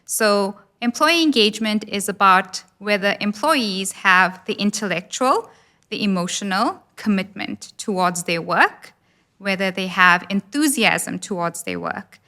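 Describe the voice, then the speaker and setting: South African woman explaining clearly. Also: mid-range voice, expressive, measured pace, pushed and bright. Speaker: HR business partner guest. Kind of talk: expert interview answers.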